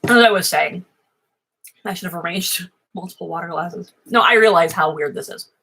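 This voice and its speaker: An American woman chatting at home in a rambling, self-interrupting way, admittedly high, swearing freely. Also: bright, forceful tone, rough recording. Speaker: vlogger. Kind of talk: rambling casual livestream chat. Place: home office.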